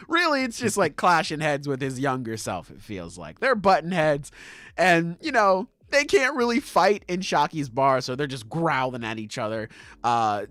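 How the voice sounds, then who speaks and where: A man co-hosting a podcast, recapping a manga chapter in casual chat, swearing freely and acting out the characters in quick voices. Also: fairly high pitch, a bit bright, no room sound. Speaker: podcast co-host.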